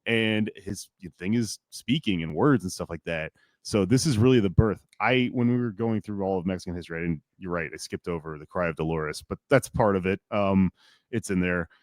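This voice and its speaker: A lower-voiced man tells a history story on a podcast, animated and loose, with casual swearing. He bursts into shouted lines when he acts out the story. His voice sits close and dry on a studio mic. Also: a little fast, no echo.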